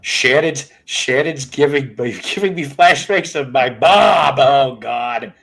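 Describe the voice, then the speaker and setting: Male host, easygoing rambler, salty jokes, average pitch. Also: lively intonation, takes it slowly, gravelly, a bit bright, rough recording. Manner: rambling, jokey, swears freely. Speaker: podcast host. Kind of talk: casual chat.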